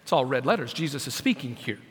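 A man preaching as senior pastor, dramatic, dropping to a hush and then rising to loud, pleading questions. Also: medium pitch, lively intonation, quick pace, husky, in a large hall. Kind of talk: sermon.

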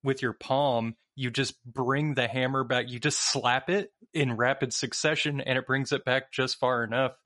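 A man guesting on a casual gaming podcast, explaining things in a relaxed, step-by-step way. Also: mid-range voice, normal speed, few pauses, no echo, clean studio sound.

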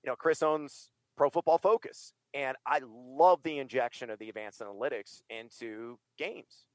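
Energetic man talking up hard work. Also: medium pitch, moderate pace, dry recording. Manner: energetic, emphatic, many fillers. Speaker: fantasy sports broadcaster and writer. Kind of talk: casual interview talk.

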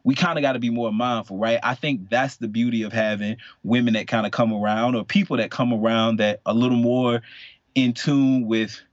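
Male podcast co-host, casual and animated, mid pitch, dry and slightly dull mic. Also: normal speed, no room sound. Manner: animated, emotional, laughs often. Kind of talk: candid storytelling in casual chat.

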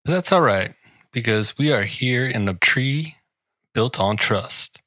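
Bright-voiced man in a mock-grand ad read. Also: lowish voice, no echo. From Washington, D.C. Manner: sarcastic, mock-grandiose, teasing the listener. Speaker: podcast host reading an ad. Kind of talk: comedic ad read.

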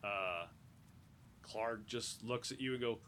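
A man's voice: lowish voice, slow pace, fairly bright tone, a little hiss or hum. A man narrating a tabletop game as game master, describing scenes in a loose, rambling way. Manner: loose, rambling, frequent restarts.

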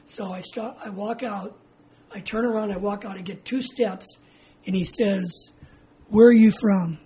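An older man from California recounts his army days in an oral history interview. His voice is mellow and warm. He tells it in a lively way, acting out each side of the conversation and laughing along, with faint noise behind him. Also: high-pitched, unhurried, low-quality recording. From California, USA. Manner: animated, acts out dialogue, laughs often. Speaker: interviewee, veteran.

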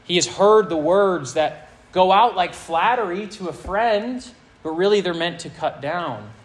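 A male pastor preaching a sermon to a high school audience, reading scripture aloud with earnest emphasis. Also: lively intonation, a little slow, poor audio.

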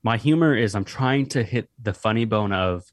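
A man's voice: fairly low pitch, normal speed, no room sound, clean studio sound. A young man, a guest on a podcast, chatting in a loose, rambling way with lots of fillers and the odd curse word. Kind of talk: casual podcast conversation.

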